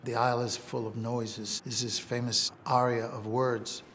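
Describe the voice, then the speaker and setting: A man, a film composer, giving a measured, hesitant documentary interview. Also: mid-range voice, little pitch movement, fairly bright tone, slight background noise. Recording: speech over music.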